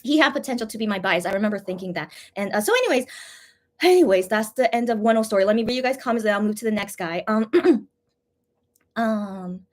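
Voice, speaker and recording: A woman's voice: medium pitch, lively intonation, fairly quick, darkish tone. A woman hosting her own channel, gushing through a casual fan story with lots of fillers and restarts. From USA. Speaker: channel host.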